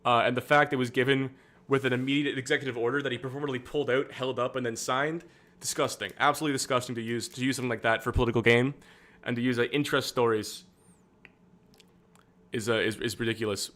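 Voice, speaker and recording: A man's voice: mid-range voice, fast talker, fairly bright tone. A young man streaming casual political commentary, rambling and candid, with frequent fillers and restarts.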